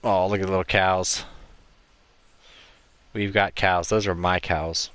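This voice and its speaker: Low-voiced man chatting over gameplay. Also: fairly even intonation, unhurried, fairly bright tone, smooth, no echo. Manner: chatty, rambling storyteller. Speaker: let's play host. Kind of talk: casual gaming commentary.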